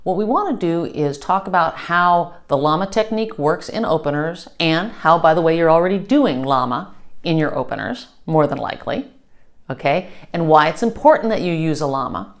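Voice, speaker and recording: A woman's voice: low voice, expressive, normal speed. A woman teaching a customer service lesson, upbeat and checking in often with "okay?". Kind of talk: instructional lesson.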